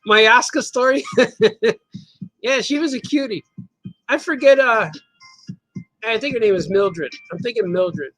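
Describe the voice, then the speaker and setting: A man's voice: extremely high pitch, lively intonation, measured pace, long pauses, fairly bright tone, no room sound, faint music behind, poor audio. A man hosting a casual chat show, telling rambling stories and giggling often between words. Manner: giggly storyteller, laughs often mid-sentence; rambling, playful, repeats words for effect. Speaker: host and cartoonist. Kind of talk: casual livestream chat, reading viewer comments.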